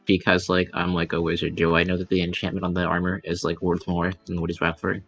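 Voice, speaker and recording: A man's voice: sits low, completely flat delivery, quick pace, creaky, fairly bright tone. A man playing a tabletop game, chatting casually and thinking aloud with fillers. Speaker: player.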